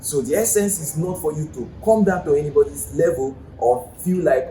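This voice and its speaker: A man's voice: on the high side, normal speed, few pauses, warm tone. A man with a Nigerian accent, teaching a language lesson in a chatty, explanatory way and asking the viewer questions. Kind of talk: casual video lesson. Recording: echoey room with faint ambient noise.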